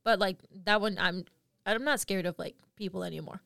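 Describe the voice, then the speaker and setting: A young woman co-hosting a podcast, telling work stories in casual chat, animated and laughing often. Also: medium pitch, brisk, creaky, no echo, studio quality. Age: young adult. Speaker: podcast co-host.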